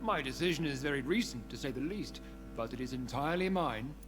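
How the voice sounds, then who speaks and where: An actor playing a composed, formal male vampire mentor in a video game, speaking in measured tones. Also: mid-range voice, lively intonation, lightly acted. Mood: calm. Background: loud game music.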